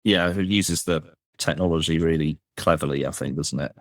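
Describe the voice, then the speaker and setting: A male podcast host with an extremely deep, low voice puts his questions in a measured, halting way. The sound is close and dry, with no room around it. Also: no room sound. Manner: measured, hesitant, trailing "sort of". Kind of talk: interviewing a guest.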